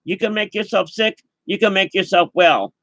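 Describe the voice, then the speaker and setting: A woman's voice: mid-range voice, moderate pace, no echo. An older woman giving an emphatic, preachy motivational monologue to camera, full of rhetorical questions. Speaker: vlogger.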